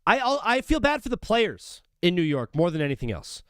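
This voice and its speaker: A man's voice: high voice, sing-song, brisk, a bit bright, clear, resonant tone, dry recording, clean studio sound. A young man hosting a live sports talk stream, talking casually and animatedly, often calling people brother and dude. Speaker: sports talk show host.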